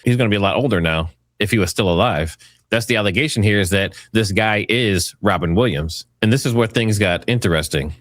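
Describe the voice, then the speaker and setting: A man's voice: fairly low pitch, a little fast, fairly bright tone, dry recording, studio quality. A man hosting an online commentary video, speaking in a casual, speculative, repetitive way. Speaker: commentary host.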